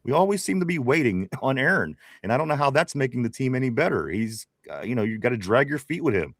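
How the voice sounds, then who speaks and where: A man's voice: medium pitch, very animated, quick pace, no room sound, studio quality. A man with a Pittsburgh accent hosting a casual sports talk show, reading viewer comments aloud, chatty, with frequent laughs and restarts. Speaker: podcast host reading live chat.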